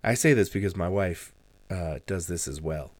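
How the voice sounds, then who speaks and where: A man's voice: low-pitched, normal speed, no echo. A man playing a tabletop game, speaking in a friendly, rambling and hesitant way. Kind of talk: in-character tabletop chat.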